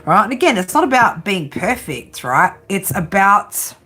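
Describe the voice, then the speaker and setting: A woman's voice: mid-range voice, very animated, unhurried, a bit bright, breathy edge. Giggly woman chatting through a tarot stream. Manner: giggly, chatty, tags lines with "right?". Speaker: tarot reader hosting a live stream. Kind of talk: casual live-stream tarot reading.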